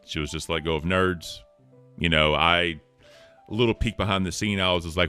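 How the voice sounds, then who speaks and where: A man's voice: low voice, moderate pace, pushed and bright, clean tone, soft background music. A man hosting an online talk show, chatting casually and earnestly, rambling with fillers and thanking viewers. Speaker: show host.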